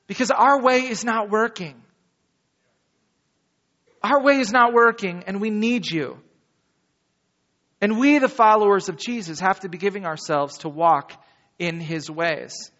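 A man preaching a sermon as pastor, reading scripture and talking to his congregation in an animated, conversational way with dramatic slow pauses. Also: high voice, big-room sound, dull audio.

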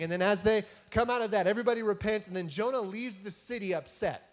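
A man giving a casual, joking sermon, retelling a story and often tagging his sentences with "right?". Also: high-pitched.

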